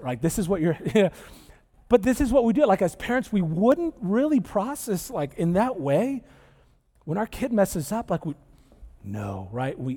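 A man preaching a conversational sermon to a church audience, chatty and animated, often tagging his points with a quick question to the room. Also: high voice. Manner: chatty and animated, tags lines with "right?" and "okay?". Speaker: pastor. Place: church sanctuary with live audience. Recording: long reverb of a large hall.

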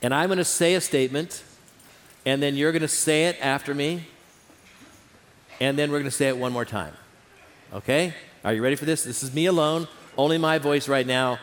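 A man's voice: on the high side, moderate pace, long pauses. A man preaching a sermon in an auditorium, earnest and repeating phrases for emphasis. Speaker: pastor. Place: large auditorium. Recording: reverberant hall.

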